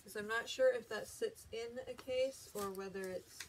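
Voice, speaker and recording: A woman's voice: fairly high pitch, moderate pace, noisy background. A woman hosting a home video, chatting casually and correcting herself as she unboxes a gadget. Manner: chatty, rambling, self-correcting. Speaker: vlog host.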